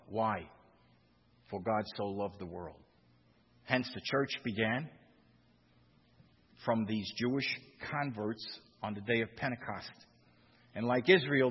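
A man's voice: medium pitch, breathy edge, in a large hall, dull audio. A man preaching a sermon as a pastor, with swells of emphasis and repeated phrases.

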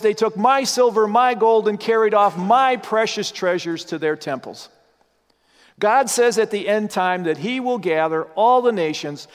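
A man preaches an earnest, emphatic sermon and keeps asking his listeners rhetorical questions. His voice sits high for a man. A long reverb trails behind every phrase.

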